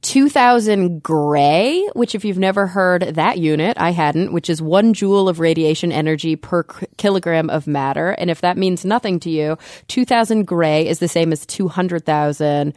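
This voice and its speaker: A woman co-hosting a casual science talk show, explaining a news story in a lively way and laughing often. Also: lowish voice, moderate pace, hardly any pauses, no echo, clean studio sound. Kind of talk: casual chat.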